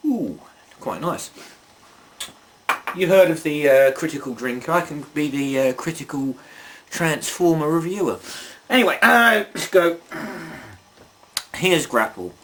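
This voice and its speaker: A man's voice: fairly high pitch, expressive, takes it slowly, pauses often, background noise. A man reviewing toys in a casual video, rambling and chatty, full of asides and self-mocking jokes. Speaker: toy reviewer.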